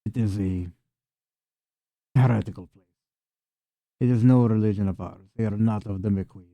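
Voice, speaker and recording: A man's voice: on the low side, fairly even intonation, moderate pace, warm tone, no echo, natural voice. A man voicing a weary old male burgomaster, solemn and heavy, a grieving town leader in a tabletop game. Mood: grave.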